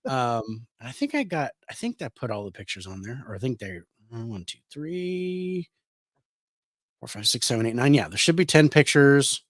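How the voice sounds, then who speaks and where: A man's voice: medium pitch, very animated, normal speed, no room sound, clean studio sound. A man co-hosting a podcast, chatting casually and then reading a prepared history script while a bit under the weather. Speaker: podcast co-host.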